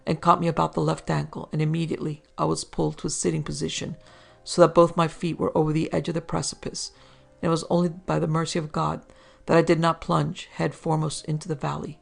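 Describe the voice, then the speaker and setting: A woman narrating a classic horror story for a podcast, reading old-fashioned prose in a steady, measured way. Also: low-pitched, vocal fry, faint music behind.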